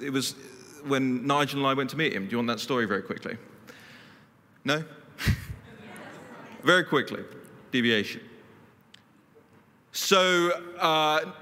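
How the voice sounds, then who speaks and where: Casting: lively male speaker, bright forceful voice, punchy anecdotes, echoing hall. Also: medium pitch. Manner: animated, emphatic, punchy storytelling. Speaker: guest speaker. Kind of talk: political speech with anecdotes. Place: conference hall. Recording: reverberant hall.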